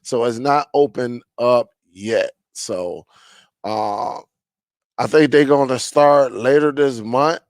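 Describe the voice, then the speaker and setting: A man hosts a laid-back live chat, greeting viewers one by one and reading their comments aloud. His mid-pitched voice has a gravelly fry, and it sounds close and dry, with no room around it. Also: slow pace, no room sound. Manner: rambling with many fillers. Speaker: live stream host.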